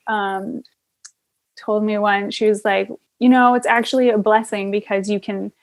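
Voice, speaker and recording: A young woman hosts a relaxed conversation, speaking with a gravelly, fry-tinged voice. She talks reflectively and pauses on fillers, often with a soft laugh. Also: medium pitch, low-quality recording. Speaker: podcast host. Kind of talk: casual conversation.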